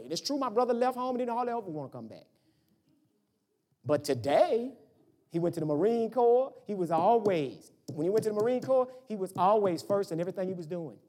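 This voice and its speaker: A man preaching a sermon, telling family stories and acting out the voices of his parents. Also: high-pitched. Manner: animated preaching with storytelling and voiced family dialogue. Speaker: pastor.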